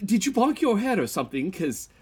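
An improv performer playing a fussy chief royal advisor who is flustered, hesitant and pushy. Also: male voice, high voice, very animated, fairly quick, a little mellow, slightly rough, full character voice. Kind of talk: improvised comedy role-play.

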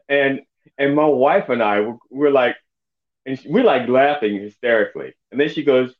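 A man's voice: medium pitch, normal speed, narrow, tinny audio. A man chatting casually on a podcast, telling stories with lots of laughter. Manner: animated storyteller, laughs often. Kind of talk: casual chat.

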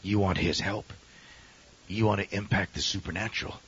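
A man preaching a storytelling sermon as a pastor, dramatic, swinging from loud exclamations to hushed near-whispers, on a dull lo-fi recording. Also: deep voice, moderate pace, husky.

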